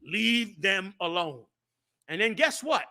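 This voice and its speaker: A man hosting a show and talking in a fiery, preachy way, swinging from loud, shouted points to low asides. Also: very animated, slow pace. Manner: preachy and impassioned, rising to shouts, then dropping low. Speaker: show host and group leader. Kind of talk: fiery casual talk.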